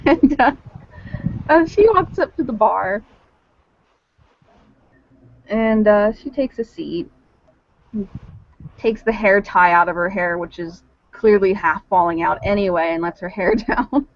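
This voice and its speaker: A woman's voice: mid-range voice, a little slow, long pauses, muffled recording. A woman playing a tabletop game, describing her character's actions in a giggly, hesitant way. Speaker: player.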